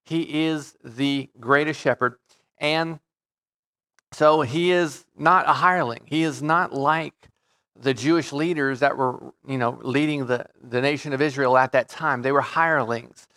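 A man's voice: medium pitch, bright, forceful tone. Man teaching a casual Bible study. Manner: conversational and halting, with frequent restarts. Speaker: pastor.

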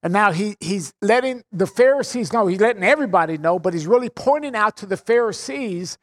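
A man's voice: sits high, animated, brisk. A man preaching a sermon, expounding scripture with emphatic repetition and casual conversational asides. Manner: emphatic, repeats phrases for stress.

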